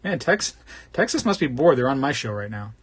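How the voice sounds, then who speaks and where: A man hosts a live stream in a loose, chatty way, reading out viewer comments and joking with them by name. His voice sits at an ordinary middle pitch. He rambles and drifts easily from one topic to the next. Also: big pitch swings, brisk, slight background noise. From Florida. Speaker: host of a live coin collecting stream.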